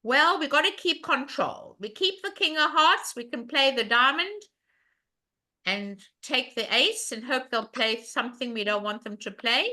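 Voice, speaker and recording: A woman's voice: sits high, expressive, unhurried, pushed and bright. A woman teaching a live online bridge lesson, walking through a hand in a chatty way and asking the class questions as she goes.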